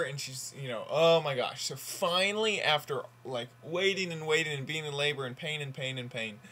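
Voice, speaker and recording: A man vlogging casually, rambling and halting with lots of fillers while he sets up a long joke. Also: a little high, sharp tone. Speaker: vlogger on a group channel. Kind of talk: casual vlog, telling a joke.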